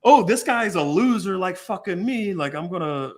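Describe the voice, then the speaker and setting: A man's voice: high-pitched, lively intonation, moderate pace. A middle-aged man, a dating coach, talking in a blunt, profane casual chat and acting out the people he quotes.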